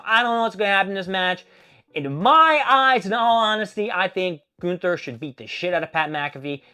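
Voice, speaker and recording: Profane rambling man recapping wrestling. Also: high voice. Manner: profane, rambling, animated storytelling. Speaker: wrestling show reviewer. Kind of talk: casual solo recap.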